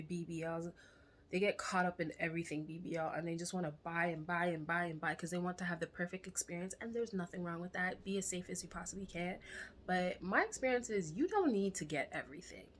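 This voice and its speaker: Chatty woman, candid and lowish. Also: fast talker. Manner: chatty, candid, animated quoted voices, drops to a whisper for asides. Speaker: vlogger. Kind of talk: casual storytelling to camera.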